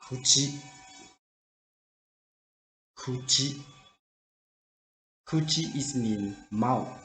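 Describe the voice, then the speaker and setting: A man teaching vocabulary in a slow drill, repeating each word carefully in simple, broken phrasing. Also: mid-range voice, fairly bright tone, slight background noise. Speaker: language teacher. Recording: roomy echo.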